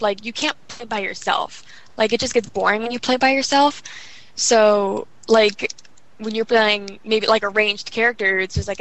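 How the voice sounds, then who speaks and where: Young adult woman, casual guest, fast rambling delivery full of fillers. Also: medium pitch, a bit bright, a little hiss or hum, low-quality recording. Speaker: guest gamer. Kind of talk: casual chat.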